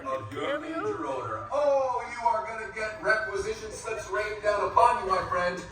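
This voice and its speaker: An over-the-top heroic space soldier bellows his announcement. The voice sits high and rings through a roomy hall. Music plays loudly beneath it. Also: normal speed, gravelly. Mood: rousing. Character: gung-ho male space soldier hero announcer. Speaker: game character voice actor. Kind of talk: live comedy stage appearance. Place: comedy club stage. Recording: roomy hall, far from mic, music playing.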